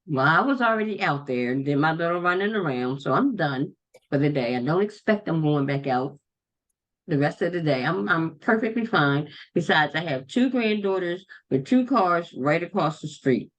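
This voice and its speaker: A woman's voice: deep voice, animated, moderate pace. A grandmother chatting casually as a podcast guest, speaking in an earnest, encouraging way. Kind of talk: casual chat between friends.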